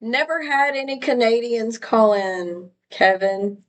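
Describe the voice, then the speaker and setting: A woman's voice: on the high side, takes it slowly, poor audio. A woman from Louisiana hosting a live stream, chatting casually and rambling as she greets viewers by name.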